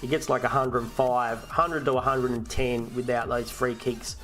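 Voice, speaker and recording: A man's voice: medium pitch, steady tone, normal speed, fairly bright tone, faint music behind. An Australian man hosting a fantasy football live stream, chatting casually and ranting and swearing, with frequent restarts.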